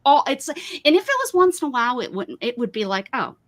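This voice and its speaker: A woman's voice: high-pitched, sing-song, brisk, fairly bright tone. A woman hosting a craft livestream, chatting casually and ranting emphatically about her pet peeves. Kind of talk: casual chat.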